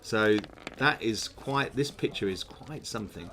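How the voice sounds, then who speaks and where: A man's voice: fairly low pitch, measured pace, fairly bright tone, a little hiss or hum. A man, hosting a gamebook session, reading aloud and chatting in musing asides. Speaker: host playing a gamebook.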